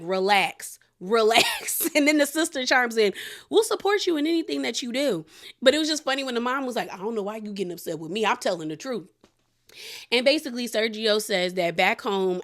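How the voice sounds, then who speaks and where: A woman's voice: mid-range voice, fairly bright tone. A woman giving a casual, chatty recap of a reality TV episode, retelling scenes with quoted lines and lots of "like".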